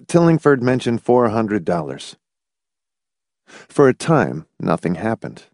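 A man reading fiction aloud as an audiobook narrator, with a low voice that swings widely in pitch. His storytelling is expressive and dramatic. The recording is dry and close, with no room sound. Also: slow pace, gravelly, long pauses, no echo. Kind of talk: scripted narration.

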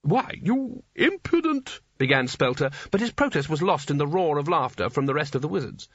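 A man giving a scripted story narration in a dry, wry, measured way. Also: on the high side, a bit bright, dry recording. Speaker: audiobook narrator. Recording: dull lo-fi dry recording.

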